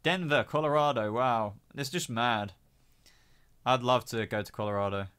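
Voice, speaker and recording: A man's voice: medium pitch, moderate pace, a bit bright, clear, resonant tone. Man with a cold, chatting. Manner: rambling, chatty, many fillers and restarts. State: has a cold. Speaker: live stream host. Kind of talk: casual live stream chat reading comments.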